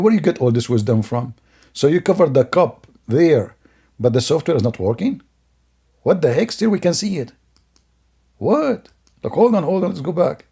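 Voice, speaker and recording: A man's voice: mid-range voice, creaky, dark tone, breathy edge. Scornful man mocking a video. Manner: sarcastic, scornful, laughs often. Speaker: commentator.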